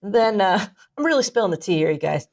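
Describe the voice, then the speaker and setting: A woman co-hosting a podcast, telling a long story in casual chat, animated and rambling, swearing freely. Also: medium pitch, fairly quick. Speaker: podcast co-host.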